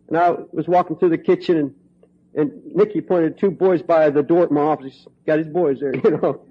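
A middle-aged man preaching a storytelling sermon, impassioned, swinging from hushed tones to ringing cries. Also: a little high, moderate pace. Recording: dull lo-fi recording.

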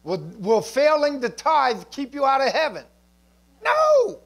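A pastor with a notably high voice preaches a sermon in church at normal speed. His style is relaxed and conversational, sprinkled with asides and light jokes for the congregation.

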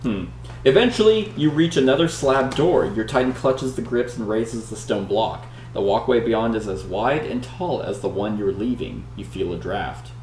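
A man's voice: mid-range voice, normal speed. A man casually playing a board game, reading the story aloud with dramatic flair and chatting with his partner. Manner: dramatic read-aloud, lively banter. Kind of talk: casual play-through with read-aloud narration. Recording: echoey room, faint hum.

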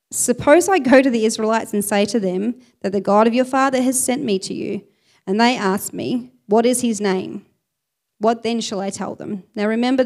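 Expressive woman preaching. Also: mid-range voice, creaky. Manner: expressive, reads scripture aloud with emphasis. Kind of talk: sermon.

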